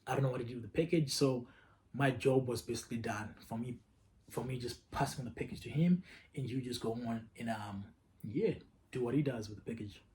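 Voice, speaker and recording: A man tells a personal story in a relaxed, casual way at a mid-range pitch. He is candid and profane, and he circles back over his words as he goes. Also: a little fast, a little hiss or hum. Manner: candid, profane, repeats himself. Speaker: vlogger.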